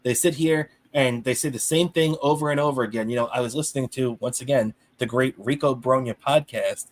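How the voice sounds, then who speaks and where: A man co-hosting a sports podcast, ranting in heated, animated casual talk and swearing freely. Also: mid-range voice, a little fast. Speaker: podcast co-host.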